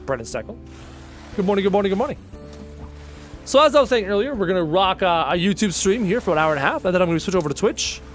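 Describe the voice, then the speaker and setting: Animated high-voiced man streaming a game. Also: quick pace, faint music behind. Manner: casual, joking, addresses chat as dude. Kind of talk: live gameplay stream, chatting with viewers.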